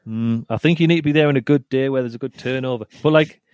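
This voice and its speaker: A man's voice: mid-range voice, quick pace, a little mellow, clean tone, no echo. Man, podcast co-host, casual chat, rambling, restarts often, dry close mic. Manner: rambling, repeats himself, reads reviews aloud with laughs.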